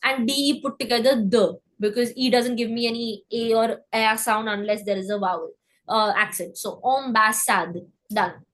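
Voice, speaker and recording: A woman giving a live online French class, breaking words down and repeating them slowly, often checking in with "okay?". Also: fairly high pitch, fairly even intonation, rough recording. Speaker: French teacher.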